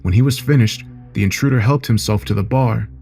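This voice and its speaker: A man narrating a horror story in a steady, measured way. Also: lowish voice, faint music behind.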